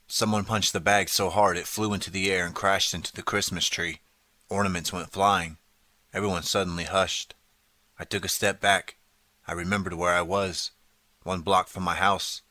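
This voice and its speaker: A man narrates a children's story in the first person with dramatic, lively storytelling. His voice is low but bright and forceful. The recording is dry and close. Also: normal speed, no room sound. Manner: dramatic storytelling, turns pleading for the boy's lines. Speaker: audiobook narrator.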